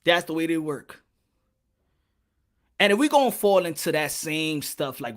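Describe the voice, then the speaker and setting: A man's voice: on the high side, expressive, normal speed. A man hosting a boxing commentary channel, ranting his opinion and repeating his points, dragging words out for emphasis. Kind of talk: opinion rant to camera.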